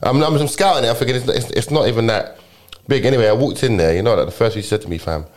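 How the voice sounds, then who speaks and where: A man's voice: mid-range voice, racing. A young man with a London accent tells a story in loose, casual chat. He leans on slang and keeps restarting his sentences. The delivery is rambling and unpolished.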